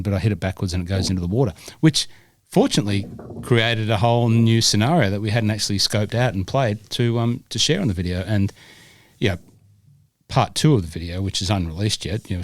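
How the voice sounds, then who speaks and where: A man's voice: fairly low pitch, no room sound. Rambling older Scottish man. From Scotland. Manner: rambling, self-deprecating, many fillers. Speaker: podcast co-host. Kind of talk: casual chat.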